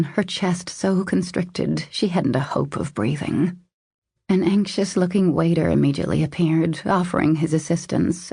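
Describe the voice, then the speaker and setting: A woman narrating a romance audiobook in a steady, measured reading style. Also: deep voice, vocal fry, slightly rough, no echo, clean studio sound. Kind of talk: scripted narration.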